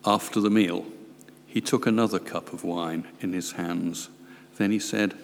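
A man with a gravelly voice reading scripture slowly and deliberately. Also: low-pitched, fairly even intonation. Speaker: scripture reader. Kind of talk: slow Bible reading. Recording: long reverb of a church hall.

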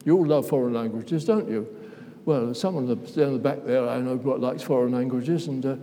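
In a dark, mid-range voice at normal speed, an older preacher delivers a loose, chatty sermon, breaking off his own thoughts and asking the congregation questions. A long church-hall reverb hangs over the audio.

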